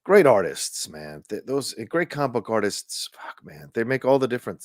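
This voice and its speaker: A man's voice: medium pitch, sing-song, fairly quick, hardly any pauses, no room sound, clean studio sound. A man co-hosting a podcast in casual chat, talking loosely, swearing now and then and trailing off in fillers. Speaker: podcast co-host.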